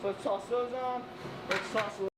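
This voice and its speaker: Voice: mid-range voice, fairly even intonation, brisk. A sandwich shop worker chattily explaining, step by step, how a sandwich is made at the counter. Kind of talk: casual how-to demonstration. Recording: echoey room, from far off, with noise.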